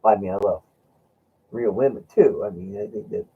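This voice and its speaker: A man's voice: lowish voice, moderate pace, husky. A man hosting a casual chat, telling rambling stories with laughs and acting out what his friend said. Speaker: host. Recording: dull lo-fi sound.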